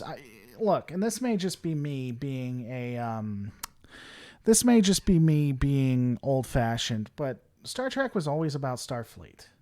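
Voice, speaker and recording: Guy streaming from home, kinda high voice that bounces all over, rambles n answers chat. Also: big pitch swings, moderate pace, a little mellow. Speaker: livestream host. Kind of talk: casual chat with viewers.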